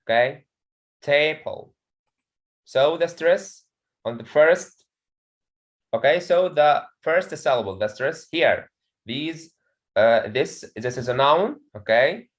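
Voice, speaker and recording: A man's voice: fairly high pitch, lively intonation, slow pace, rough recording. A man with an Egyptian accent teaching an English pronunciation lesson in a classroom, often saying "okay" and checking that students follow.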